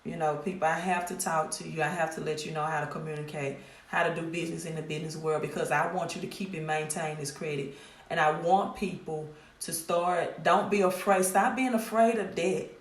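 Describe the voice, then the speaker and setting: Her voice is low-pitched and fairly even, moving along fairly quickly. This middle-aged Mississippi woman runs a casual live stream about her credit repair business, scolding directly and going over points again, all in an echoey room.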